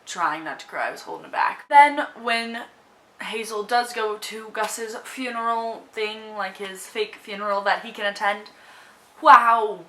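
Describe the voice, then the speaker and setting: A young woman who vlogs about books speaks slowly in a medium-pitched, sharp voice while reviewing a movie in a casual vlog. She's tearful and on the verge of crying, gushing with lots of fillers and restarts. The audio quality is poor.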